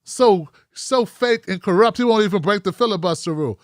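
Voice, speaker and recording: A man hosting a live call-in show, talking in an animated, profane, joking way. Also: high-pitched, a little fast, dry recording, studio quality. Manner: animated, profane, jokey impressions. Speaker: host taking calls.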